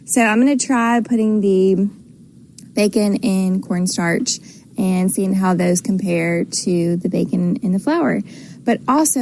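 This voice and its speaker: A woman's voice: medium pitch, mellow, slight background noise. A woman calling in to a radio show, chatty and upbeat, with plenty of fillers. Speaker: caller. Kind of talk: phone-in voicemail.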